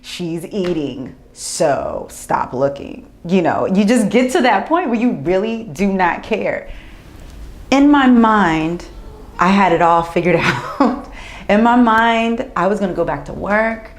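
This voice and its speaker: A woman's voice: mid-range voice, lively intonation, measured pace. Young woman, new mom, chatty interview voice with an echoey room sound. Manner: emotional, laughs and tears up while talking; chatty, acts out her own inner voice. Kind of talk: candid documentary interview.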